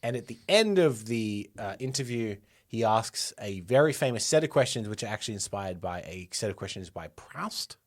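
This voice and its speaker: A man's voice: lowish voice, expressive, moderate pace, few pauses. A man co-hosting a podcast in casual chat, posing questions and teasing his co-host. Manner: teasing, sets up questions, repeats "yeah".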